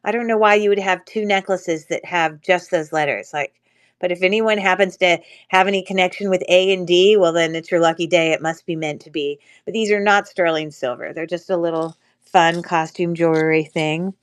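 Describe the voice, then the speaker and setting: A woman with a cold speaks through a stuffy nose, and her voice is smooth, clear and a little low. She runs a live jewelry auction in a casual, rambling way, full of ums and uhs. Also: steady tone, moderate pace. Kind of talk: casual live-stream selling chat.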